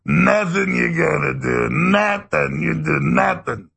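A man's voice: a little high, expressive, slow pace, full character voice. A man playing a menacing male killer clown with a Brooklyn accent, in a taunting, ranting comedy sketch. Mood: gloating. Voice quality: gravelly, husky. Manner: taunting, shouting rants, cackling.

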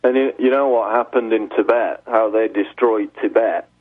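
A male radio guest calling in, earnest and explanatory, often circling back on his own words. His voice is low and husky. The phone line makes him thin and tinny. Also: steady tone, moderate pace. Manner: earnest, explaining, restarting phrases. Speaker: guest, journalist. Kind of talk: talk radio interview by phone.

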